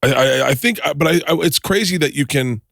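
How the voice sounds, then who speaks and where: A man's voice: fairly high pitch, lively intonation, brisk, creaky, a bit bright, dry recording. A man in his forties co-hosting a podcast in casual chat, rambling with many restarts and swearing, recorded on a close studio mic. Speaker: podcast co-host.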